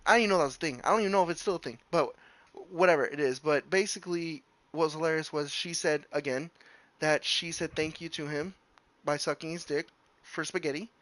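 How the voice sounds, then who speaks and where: A man's voice: on the high side, quick pace, fairly bright tone, no room sound. A young man streaming, rambling through a personal story with lots of fillers and restarts. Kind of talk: casual storytelling.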